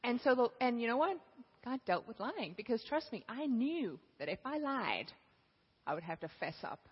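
A woman preacher telling stories with animated, laughing delivery during a sermon. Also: a little high, normal speed, slightly rough. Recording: dull, echoey hall.

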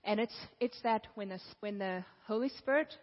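A woman preacher telling stories with animated, laughing delivery during a sermon. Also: medium pitch, normal speed. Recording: dull, echoey hall.

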